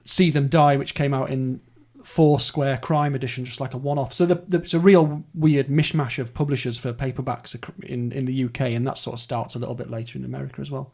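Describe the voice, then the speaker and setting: A man's voice: medium pitch, fairly even intonation, brisk, gravelly, hardly any pauses, darkish tone. A man hosting a casual podcast chat, rambling through details in a chatty way. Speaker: podcast host. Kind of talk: casual book-club chat.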